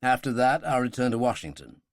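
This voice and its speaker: An earnest male official laying out a serious briefing, read by a man. The delivery has lively pitch movement in a dry, close recording. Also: brisk, dry recording, natural voice.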